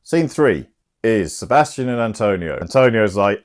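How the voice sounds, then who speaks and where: Chatty man with a lively low voice. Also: moderate pace. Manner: chatty, cheeky, sweary. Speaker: host. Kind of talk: casual comic plot retelling.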